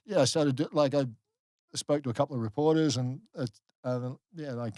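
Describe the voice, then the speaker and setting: In a dry recording, a mid-range voice moves briskly as a middle-aged Australian man who used to play rugby league recounts stories on a casual podcast interview. He's an animated storyteller, constantly using fillers and restarting.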